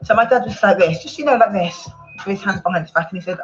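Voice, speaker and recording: A woman telling a personal story on a panel, rambling and halting, with many fillers and restarts. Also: medium pitch, dull audio, soft background music. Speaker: panel guest.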